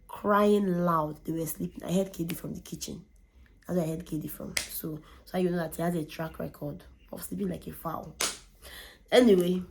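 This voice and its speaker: A young woman, telling a candid personal story in an animated way and often repeating words for emphasis. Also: lowish voice, noisy background. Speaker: vlogger.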